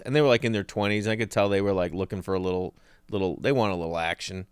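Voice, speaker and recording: A male comedian co-hosting a podcast, telling stories in a casual, animated way and acting out the people in them. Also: lowish voice, fast, clean tone, no room sound, studio quality. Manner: animated storyteller, acts out voices in anecdotes.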